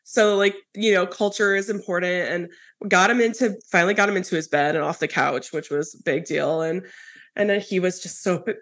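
A woman hosting a podcast, telling a story in a lively, casual way with many fillers. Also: fairly low pitch, a little fast. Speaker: podcast host. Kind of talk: casual conversational interview.

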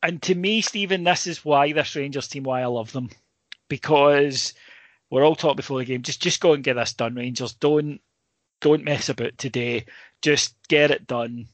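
A man's voice: mid-range voice, moderate pace, dry recording. A Scottish man, a sports journalist, telling a rambling, emotional story in casual chat, full of restarts.

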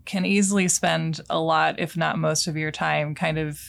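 A woman's voice: deep voice, steady tone, normal speed, gravelly. A woman co-hosting a podcast conversation. She speaks in a thoughtful, wry way.

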